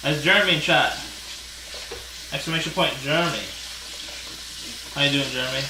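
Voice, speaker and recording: A man's voice: a little high, normal speed, background noise. A man hosting a casual cooking livestream, chatting and laughing with viewers while he cooks. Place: home kitchen. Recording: echoey kitchen, mic far off. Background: food frying and sizzling.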